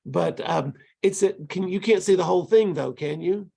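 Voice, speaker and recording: A man's voice: high voice, normal speed, gravelly, warm tone, breathy edge. A man teaching language tutors in an online lecture, explaining step by step and tapping out rhythms with syllables, heard over a video call. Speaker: ESL instructor training tutors.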